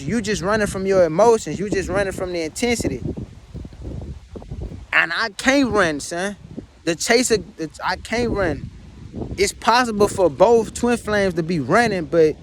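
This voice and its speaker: Male vlogger with a high voice. Raw, blunt, profane, circling back to the same pleas. Faint noise behind. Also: expressive, moderate pace. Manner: pleading, repetitive, blunt and profane. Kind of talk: emotional personal monologue to camera.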